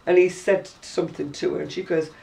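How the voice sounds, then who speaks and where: Gravelly and mellow, this older woman's voice sits on the low side, with fairly even intonation and a slightly fast delivery. She speaks with a Lancashire accent, hailing from near Oldham in northwest England, and laughs through stories while hosting a relaxed chat in her living room. It's captured indoors by a distant camera mic.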